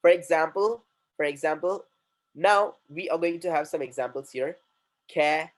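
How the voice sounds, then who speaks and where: A man's voice: fairly high pitch, moderate pace, low-quality recording. A man with an Indian English accent teaching a class, repeating words and asking the students questions as he writes on the board. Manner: repetitive, drilling, asks class questions. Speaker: communication trainer.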